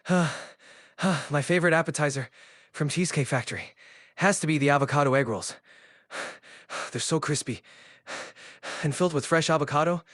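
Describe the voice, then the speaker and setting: A man's voice: on the high side, fairly bright tone, dry recording, clean studio sound. A man talking in a casual chat, out of breath and sighing heavily between phrases.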